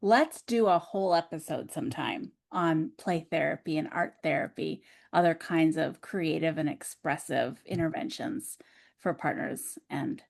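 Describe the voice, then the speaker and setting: A woman's voice: low-pitched, unhurried, creaky, a little mellow. A woman co-hosting an advice podcast, talking openly and reflectively about her own experience. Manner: open and reflective, sharing personal experience. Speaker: podcast co-host. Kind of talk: reflective personal chat.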